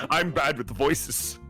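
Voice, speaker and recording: A man hosting a live question session, reading out viewer questions. His pitch jumps around with plenty of life, and he swears casually. Faint music sits in the background. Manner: lively, laughing, swears casually.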